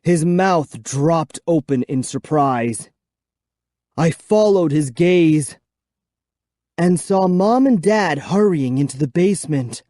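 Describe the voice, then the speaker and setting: A man reading a children's horror book aloud in first person, with a measured, suspenseful delivery. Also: a little high, animated, dark tone, no room sound, clean studio sound. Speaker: audiobook narrator. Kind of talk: scripted first-person narration.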